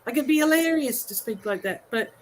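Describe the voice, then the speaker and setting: Woman, Australian accent, podcast guest, chatty, laughs easily, slightly high voice. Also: expressive, fairly quick, a little hiss or hum, rough recording. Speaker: guest author. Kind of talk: casual podcast conversation.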